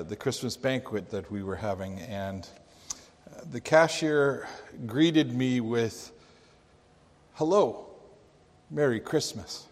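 A man preaching a sermon, telling a story and then posing rhetorical questions to his listeners in a deliberate way. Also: lowish voice, long reverb tail.

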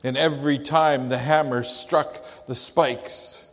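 A man gives voice to a heartbroken Jewish father, speaking in a halting hush as he tells the tale. His delivery is very slow and sits at a middle pitch. The monologue rings out with a long, echoing hall reverb. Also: fairly even intonation, lightly acted. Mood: grieving. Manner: slow, halting, hushed storytelling. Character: grieving Jewish father of a crucified thief. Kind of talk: dramatic first-person monologue.

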